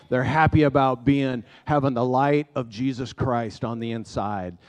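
A man's voice: medium pitch, a little mellow. A man preaching in a church, speaking in an encouraging, preacherly way. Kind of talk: church sermon. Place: church sanctuary.

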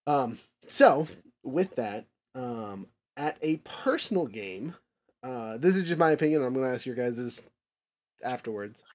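A man hosting a casual discussion podcast, rambling with lots of fillers and restarts, nerdy and quick to chuckle at his own tangents. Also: medium pitch, animated, a little mellow. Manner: rambling, filler-heavy, self-correcting. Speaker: podcast host.

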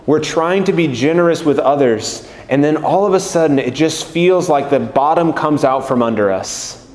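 A male priest giving a slow, gentle, earnest homily. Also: a little high. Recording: echoey room with long reverb.

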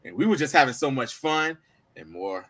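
A young adult man and podcast co-host telling a story in casual chat, animated and laughing. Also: mid-range voice, normal speed.

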